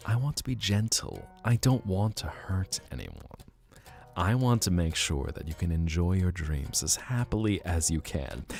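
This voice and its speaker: A man's voice: low-pitched, gravelly. A man streaming live, chatting casually and playfully teasing his viewers as he reacts to chat. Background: faint guitar music.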